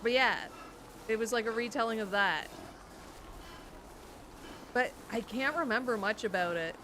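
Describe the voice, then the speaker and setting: A woman in her twenties streams a game with noisy game audio behind her, her voice a little high, a little slow and fairly bright. She chats casually in a rambling, nostalgic way, trailing off into musing.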